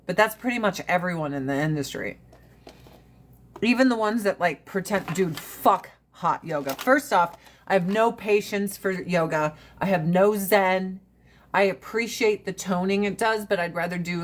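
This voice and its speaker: A woman hosting a casual livestream chat, blunt and profane, rambling from one rant to the next. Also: on the low side. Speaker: livestream host.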